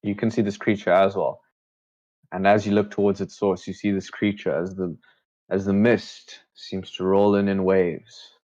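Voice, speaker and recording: A man narrating a tabletop game as game master, slow, measured and hushed. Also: low-pitched, little pitch movement, muffled recording.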